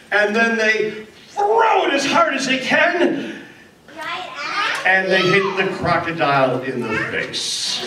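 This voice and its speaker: A man tells a story with playful drama and sound effects. His fairly high voice swoops widely and takes an unhurried pace. He sounds distant in a roomy, noisy space. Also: lively intonation, sharp tone. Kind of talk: animated storytelling. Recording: roomy distant mic with background noise.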